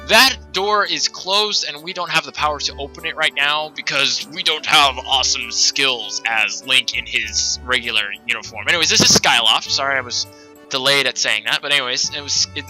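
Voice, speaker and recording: A man's voice: on the high side, bright, forceful tone, low-quality recording. A man giving casual video game commentary as the host, rambling with many fillers and asides. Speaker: let's play host.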